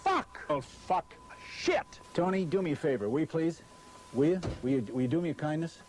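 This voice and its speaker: A man's voice: a little high, normal speed, a little mellow, slight background noise. A man shooting a promotional video, swearing constantly, exasperated and forgetting his lines. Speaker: spokesman filming a promotional video. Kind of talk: profane outtakes from a video shoot. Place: outdoors by a vehicle under hot lights.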